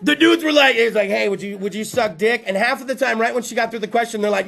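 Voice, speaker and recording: A man's voice: high-pitched, lively intonation, quick pace, gravelly, bright, forceful tone. A man hosting a talk show, telling crude jokes in a rowdy monologue and acting out other voices. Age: adult. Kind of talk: profane comedic monologue.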